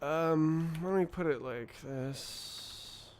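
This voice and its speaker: A man's voice: on the high side, takes it slowly, a little hiss or hum. A man streaming live while he programs, muttering to himself and tossing in playful nonsense words. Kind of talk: thinking aloud while programming.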